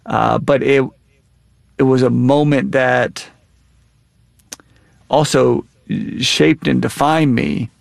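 A man in his thirties, a guest author, reading from his memoir and answering interview questions in an earnest, measured way. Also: medium pitch, fairly even intonation, vocal fry, no room sound.

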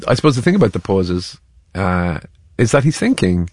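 A man's voice: sits low, big pitch swings, moderate pace, darkish tone, dry recording, clean studio sound. A man, an actor, talking about his craft in an interview, with frequent stammered restarts and easy laughter. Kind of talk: reflective interview talk.

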